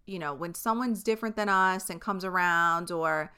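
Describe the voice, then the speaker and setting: A woman's voice: on the low side, moderate pace, bright, forceful tone, clean tone. A young woman from New York with a New York accent, hosting a podcast in a frank, chatty monologue full of fillers and the odd swear word. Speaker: podcast host. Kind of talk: casual solo podcast monologue.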